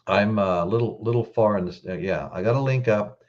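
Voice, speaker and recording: A man's voice: fairly low pitch, fairly quick, muffled recording. A man hosting a casual live stream, choked up, greeting viewers in the chat by name and often restarting his sentences.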